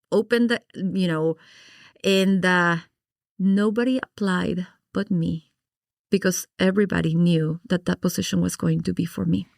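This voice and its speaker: A middle-aged woman from Guatemala, a podcast guest, telling her story in an animated, expressive way and acting out her past reactions. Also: on the low side, no room sound, studio quality. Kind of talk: personal storytelling in an interview.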